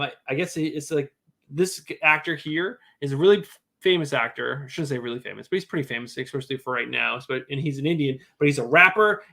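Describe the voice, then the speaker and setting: A man co-hosting a casual livestream chat, talking in animated, defensive bursts that jump to loud exclaiming. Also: a little high. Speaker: co-host.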